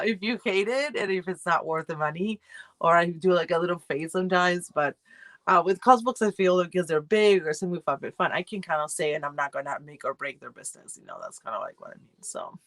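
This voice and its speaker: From a room at home, a woman who reviews subscription boxes hosts a livestream, chatting casually and rambling with fillers while greeting viewers by name. She's feeling cold; her voice is lowish and a bit bright, with no echo.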